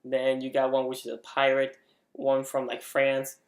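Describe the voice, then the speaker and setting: A man talks through a casual review in a chatty, rambling way, often leaning on "like" and restarting his sentences. His voice sits at an ordinary middle pitch. The recording has a roomy echo around him. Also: completely flat delivery, measured pace. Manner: chatty, with frequent "like" fillers and restarts. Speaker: vlogger reviewing an event.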